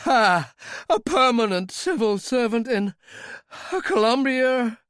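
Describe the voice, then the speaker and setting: A man's voice: extremely high pitch, animated, slow pace, fairly bright tone, smooth, no echo, studio quality, voice pushed up, exaggerated voice. An audiobook reader voicing a terrified, suffocating male villain who pleads and shrieks for his life, gasping and out of breath. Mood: desperate confession.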